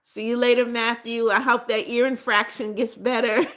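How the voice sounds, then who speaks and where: Her voice sits a little high, level in tone and moderate in pace, as she reads viewer comments on her live stream. She often laughs, welcomes people with blessings, says things more than once, and chides gently in a relaxed chat.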